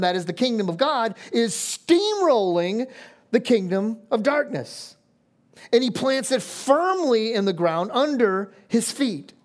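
A woman delivers a sermon in an even, middle-pitched voice. She preaches with emphasis, circling back and repeating phrases to drive each point home.

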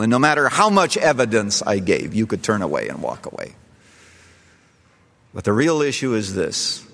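A middle-aged male pastor preaching a sermon, telling a story and building to impassioned appeals. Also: lowish voice. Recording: long reverb of a large hall.

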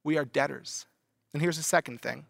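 Gravelly, animated male preacher. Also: on the high side, moderate pace, no room sound, clean studio sound. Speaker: pastor. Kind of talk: sermon.

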